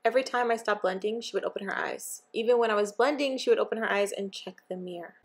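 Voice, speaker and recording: In an echoey room, a young woman who does makeup speeds through a story time with a mid-range voice. It's a casual, exasperated telling, filler-heavy and chatty, with "like" cropping up constantly.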